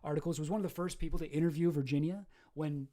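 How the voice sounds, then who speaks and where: Male streamer, casual commentary, sarcastic, rambling, fairly high voice, mellow tone. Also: fairly even intonation, fast. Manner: rambling, sarcastic, self-correcting. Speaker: streamer, host.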